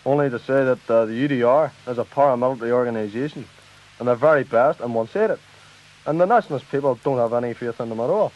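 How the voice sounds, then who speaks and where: A man's voice: mid-range voice, quick pace, lightly acted. A man playing an earnest, hesitant politician who fills his speech with "uh". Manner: hesitant, many "uh" fillers, indignant. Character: earnest quick-talking middle-aged male politician. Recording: dull lo-fi tape.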